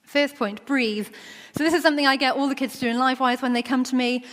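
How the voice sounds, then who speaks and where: Woman, preacher, conversational sermon, higher voice, long church reverb. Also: steady tone, fast talker, a bit bright. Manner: conversational, acts out quoted voices.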